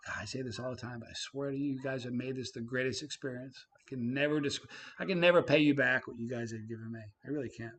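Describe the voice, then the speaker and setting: A man's voice: medium pitch, gravelly, a little hiss or hum. Chatty man hosting a live stream. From Canada. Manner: chatty, reads viewer comments aloud, swings loud and quiet. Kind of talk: casual live stream chat.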